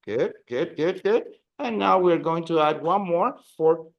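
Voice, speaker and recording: A man's voice: a little high, animated, moderate pace, gravelly, hardly any pauses. A man teaching a Spanish class, explaining grammar and leading drills, with many fillers and restarts. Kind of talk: classroom language lesson.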